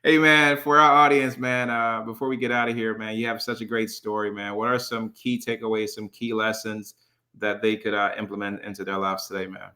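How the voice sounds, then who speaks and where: Brief: easygoing male host, casual interview, sharp bright tone. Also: on the low side, flat delivery, a little fast. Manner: friendly, says "man" a lot. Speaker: podcast host.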